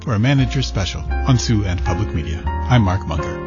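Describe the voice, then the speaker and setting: A male radio host reads his segment wrap-up in a steady, scripted way. The sound is a little dull, and music plays clearly under his voice. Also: on the low side. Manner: measured, scripted delivery. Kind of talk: radio announcing.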